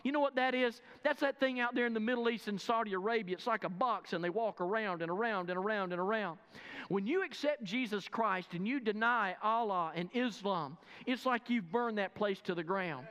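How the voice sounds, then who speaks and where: A man's voice: sits high, moderate pace, a bit bright, clean tone. A man preaching a sermon, emphatic and speaking directly to his listeners. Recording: long reverb of a large hall.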